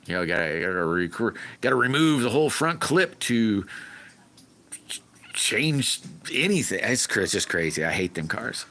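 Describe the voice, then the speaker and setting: Folksy streamer, very low voice with a forceful bright edge, chatty and rambling. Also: male voice, very animated, normal speed. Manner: rambling, folksy, griping about car repairs. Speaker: livestream host. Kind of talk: casual livestream chat with viewers.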